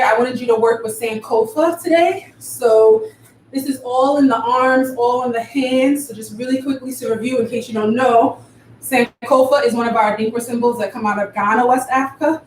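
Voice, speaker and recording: A woman teaching a live dance class, counting rhythms out loud with vocal syllables like ba and da, and explaining arm and foot movements. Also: high-pitched. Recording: echoey room from far off, faint noise.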